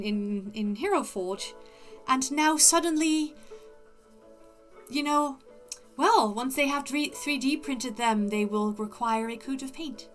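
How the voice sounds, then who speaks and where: A woman livestreamer putting on the voice of a prim, posh upper-class lady, with formal, deliberate diction. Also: a little high, a bit bright.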